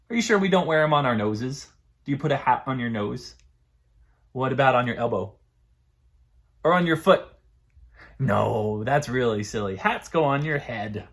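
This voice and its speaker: A man's voice: fairly high pitch, a bit bright. A male children's librarian leading a story time, playful and sing-song as he talks to little kids.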